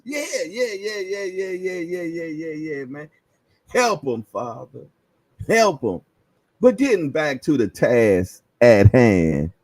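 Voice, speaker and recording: A relaxed male boxing show host chatting loosely in slang, laughing often and repeating himself. His pitch swings widely as he talks, slow and unhurried, with a dry, close sound. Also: dry recording. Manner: laid-back slang, frequent laughs, repeats "yeah, yeah". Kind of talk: casual livestream chat.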